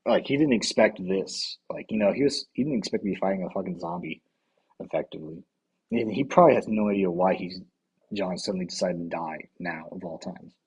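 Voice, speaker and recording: Man, streamer, rambling casual commentary, husky, lowish voice, laughs a lot. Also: fairly quick, darkish tone, rough recording. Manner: rambling, laughs often, swears, reads chat aloud.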